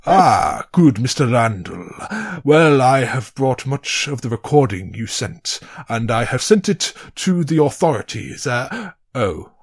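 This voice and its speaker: A man voicing an old male cleric who speaks slowly and courteously in a tabletop game. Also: medium pitch, very animated, husky, dry recording, studio quality, exaggerated voice.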